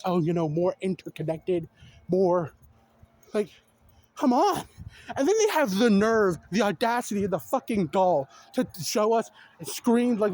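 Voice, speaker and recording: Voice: medium pitch, darkish tone, husky. A young adult vlogger ranting off the cuff, exasperated and incredulous, firing off repeated questions and the odd swear word. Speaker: video creator. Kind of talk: unscripted rant to camera.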